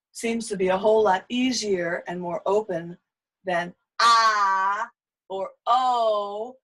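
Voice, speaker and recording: A woman in a singing lesson talks her students through breathing drills in a calm, patient, coaching way. Her voice sits in an ordinary middle range for a woman, and she gives short, clear cues one step at a time. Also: medium pitch, rough recording. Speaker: voice teacher.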